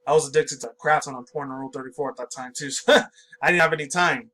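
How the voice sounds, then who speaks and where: A man in his twenties reads an article aloud, stumbling over words and breaking off into excitable, profane commentary. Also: mid-range voice, racing, rough recording. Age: 20s. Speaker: pop culture vlogger.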